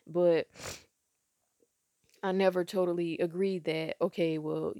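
A woman's voice: fairly low pitch, little pitch movement, slow pace, warm tone, dry recording, clean studio sound. A congested woman, telling a spiritual story in a loose, rambling, conversational way as a podcast host.

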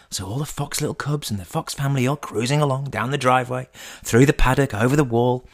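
A man's voice: medium pitch, fast talker. A man in his thirties hosting a podcast, telling a story in a chatty, teasing way. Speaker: podcast host. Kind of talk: comic storytelling.

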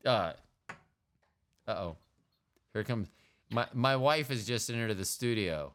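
A man's voice: on the low side, slow pace. A man in his fifties hosting a podcast, chatting casually and joking around. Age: 50s. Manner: joking, animated, puts on silly voices. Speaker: podcast host. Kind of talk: casual comedic chat.

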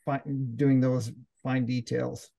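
A man on a podcast, explaining a topic in a measured way. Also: medium pitch, flat delivery, vocal fry, mellow. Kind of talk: casual podcast chat.

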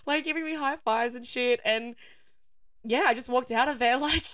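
A young woman hosting a casual solo podcast, her voice croaky and hoarse, chatting with lots of fillers and frequent laughter. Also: high voice, brisk, a bit bright, no echo, clean studio sound. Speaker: podcast host.

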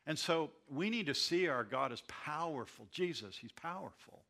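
A male pastor preaching with a bright, gravelly voice. He moves between loud, emphatic declarations and hushed asides to his congregation. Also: fairly high pitch, lively intonation, moderate pace. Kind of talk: sermon. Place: church.

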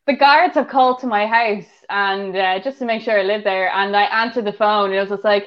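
A woman's voice: a little high, brisk. A woman with an Irish accent, co-hosting a podcast, telling stories in casual chat with lots of giggles. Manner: giggly storyteller. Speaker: podcast co-host. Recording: dull lo-fi sound.

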